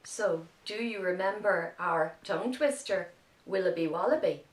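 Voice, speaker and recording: An Irish woman teaching young children, speaking gently and clearly as she tells a story. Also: lowish voice, moderate pace. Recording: roomy sound from a distant mic.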